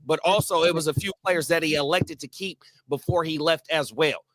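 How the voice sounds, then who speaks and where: A man's voice: a little high, normal speed, a crowd in the background. A man co-hosting a casual podcast, arguing basketball with lots of filler and a habit of saying bro. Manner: argumentative, filler-heavy, says bro a lot. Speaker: podcast co-host. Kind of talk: casual chat.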